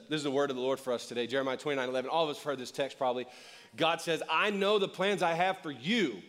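A man's voice: fairly high pitch, fairly bright tone. A middle-aged male pastor preaching a conversational sermon, joking and acting out short voices.

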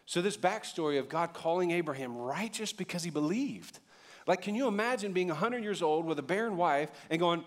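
A man's voice: a little high, animated, brisk. A man preaching a sermon as pastor, talking in a conversational way and putting questions to the congregation.

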